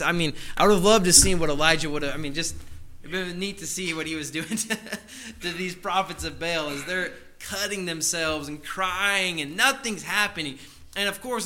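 Man, preacher, sermon, conversational storytelling, very bright voice, slightly high. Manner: conversational storytelling, many asides to the audience.

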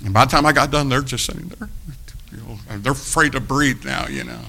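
A man preaching, telling a long story about himself in an animated, self-mocking way, acting out the quotes. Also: medium pitch, fairly quick, creaky. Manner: animated anecdote with acted quotes, laughing at himself. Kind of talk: storytelling sermon.

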